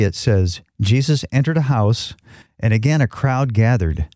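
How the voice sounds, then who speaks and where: Co-hosting a Christian podcast, a man with a medium pitch and a dark tone teaches from the Bible, earnest and reflective, with frequent restarts. His audio is clean and dry, as in a studio.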